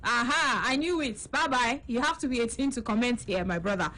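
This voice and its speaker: A woman's voice: a little high, expressive, a little fast, sharp tone, a little hiss or hum, low-quality recording. A Nigerian woman hosting a radio phone-in, teasing callers and mixing in Pidgin. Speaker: radio show host.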